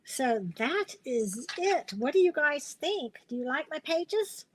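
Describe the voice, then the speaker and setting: Middle-aged woman, chatty live-stream craft host, slightly high pitch, loose storytelling. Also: big pitch swings, takes it slowly, a little hiss or hum, rough recording. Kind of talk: casual live-stream chat.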